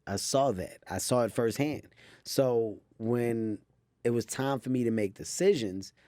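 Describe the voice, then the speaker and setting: A man in his thirties telling stories in an animated, quick way as a comedian guest. His voice sits mid-range and sounds dry and close on a studio microphone. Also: mid-range voice, no room sound. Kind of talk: interview storytelling.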